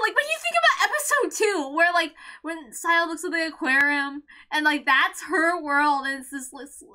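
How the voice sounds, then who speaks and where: A woman hosting a read-along, ranting emotionally, close to tears, swearing and shouting with a cracking voice. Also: very high voice. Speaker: channel host reading a visual novel aloud. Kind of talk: emotional reaction rant.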